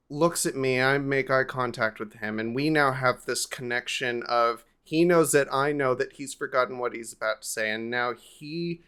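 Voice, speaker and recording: A man hosting a podcast, telling a family holiday story in a casual, animated way. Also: medium pitch, clean tone. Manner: animated, lively anecdote telling with swearing. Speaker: podcast host.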